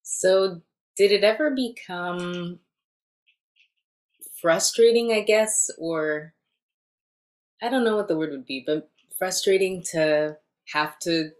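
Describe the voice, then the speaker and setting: A woman interviewer asking questions in a calm, curious way. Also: low voice, rough recording.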